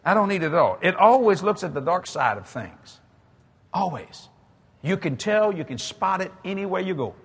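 His voice sits high with a breathy edge, and he keeps a normal pace. The man, a guest preacher with a Cajun accent from South Louisiana, delivers a humorous sermon, joking animatedly and laughing along with his own material.

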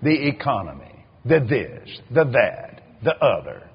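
A man's voice: mid-range voice, a little slow, gravelly, breathy edge. An older man preaching a sermon, telling stories with repeated words and acted-out quotes. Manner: animated storytelling, acts out quoted voices, repeats words. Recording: dull lo-fi recording.

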